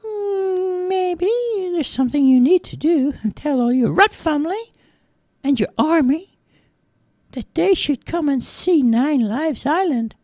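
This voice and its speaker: Sly little girl kitten for a storybook, very high and mewing, dry close sound. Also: animated, slow, a little mellow, dry recording. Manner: very high squeaky voice with meows.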